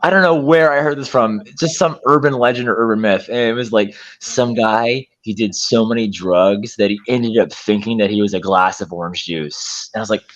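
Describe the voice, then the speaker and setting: A man's voice: fairly low pitch, moderate pace, hardly any pauses, fairly bright tone, dry recording. Rambling young man in casual chat. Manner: rambling, hesitant, full of fillers and restarts. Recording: dull lo-fi recording.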